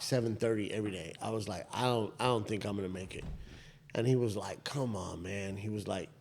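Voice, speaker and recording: A man in his thirties with a lowish voice co-hosts a podcast, retelling a story in casual chat. His telling is rambling and animated, packed with "I was like" asides, frequent restarts and profanity.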